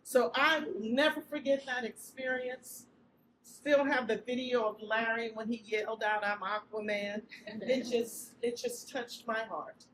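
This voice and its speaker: A woman's voice: fairly high pitch, unhurried, distant mic. A woman giving an emotional inspirational speech, telling a story expressively to an audience. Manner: expressive storytelling, breaks into loud cries when acting out quotes. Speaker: speaker sharing a story with an audience. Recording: speech recorded with steady background noise.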